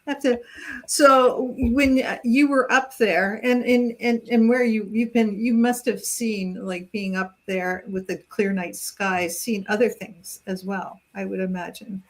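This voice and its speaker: A woman's voice: medium pitch, fairly even intonation, unhurried. A woman from Canada, a talk-show host, telling anecdotes in a casual, self-deprecating way. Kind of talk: casual chat.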